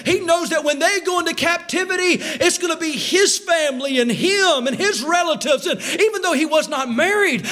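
A man, preaching a sermon as pastor, rising to shouts and slowing down for emphatic quotes. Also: very high voice.

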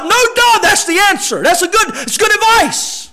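A man preaching a sermon, acting out quotes and shouting key lines for emphasis. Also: extremely high pitch, big pitch swings, moderate pace. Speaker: pastor.

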